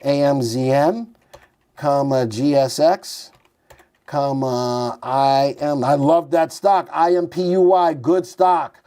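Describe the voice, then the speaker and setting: A man's voice: a little high, steady tone, slow pace, mellow. A man hosting a stock market show, chatty and thinking aloud as he types in tickers and reads charts live.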